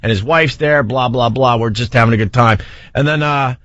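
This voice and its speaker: A man in his forties hosting a radio show, telling a self-mocking story in a lively, casual way from a studio mic. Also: medium pitch, normal speed, no echo. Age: 40s. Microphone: studio microphone. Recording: slightly dull, dry radio broadcast audio.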